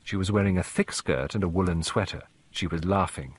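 A man reading a mystery audiobook in an expressive, dramatic narration. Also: low voice, fairly quick, breathy edge. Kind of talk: scripted narration.

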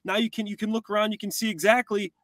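A man co-hosting a football tape breakdown, talking casually and acting out plays in quick quoted voices. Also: high voice, little pitch movement, fairly bright tone, dry recording. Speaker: co-host, former tight end.

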